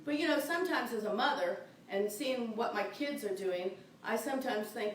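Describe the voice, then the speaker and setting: A woman's voice: on the high side, expressive, normal speed, hardly any pauses, a little hiss or hum. A middle-aged woman minister giving a chatty, enthusiastic sermon, laughing often, recorded from a distance in a church sanctuary. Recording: very echoey, distant mic in a church.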